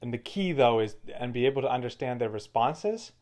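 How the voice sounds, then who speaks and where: A man co-hosting a casual chat, giving his views in a steady, explanatory way. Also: mid-range voice, a little fast. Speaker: co-host.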